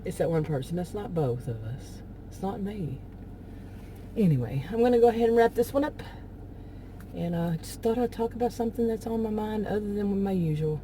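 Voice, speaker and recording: A woman with a Texan accent rambling casually in a vlog while driving, full of "you know" fillers and soft laughs. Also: medium pitch, moderate pace, slight background noise. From Texas. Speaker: vlogger.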